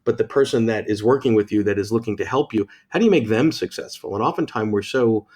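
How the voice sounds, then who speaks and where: A man's voice: fairly low pitch, fast talker, darkish tone. A man hosting a podcast interview, talking emphatically with frequent restarts. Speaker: podcast host. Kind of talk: conversational interview.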